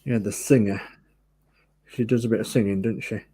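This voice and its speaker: A man's voice: fairly low pitch, fairly even intonation, moderate pace, warm tone, husky. A man hosting a model-building livestream, chatting casually and muttering to himself as he works. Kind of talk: casual chat while building.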